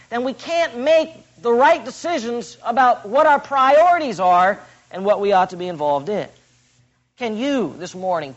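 A man with a high voice preaches an expository sermon. He is emphatic and slows right down on the phrases he wants to land. The recording sounds dull and lo-fi. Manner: emphatic, builds up key phrases slowly for stress. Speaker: pastor.

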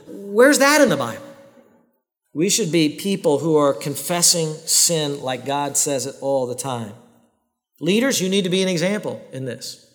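A pastor giving a sermon in earnest, direct tones. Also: male voice, sits high, normal speed. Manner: earnest, direct preaching with voiced prayers and quoted excuses. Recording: long hall reverb.

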